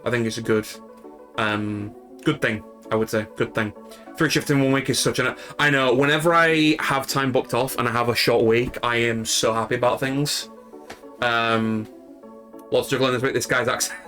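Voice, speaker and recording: Soft music plays behind this Yorkshire man as he rambles to the people watching his stream, using plenty of fillers and restarting often. He speaks in a mid-range, steady, slightly bright voice at a normal pace, with the accent of his home in the north of England.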